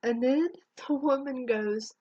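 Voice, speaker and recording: Woman, breathy and a little high, halting personal testimony, voice near tears, dry muffled home recording. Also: mellow, no echo. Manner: halting, emotional, with restarts and long pauses. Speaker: grieving mother telling her story.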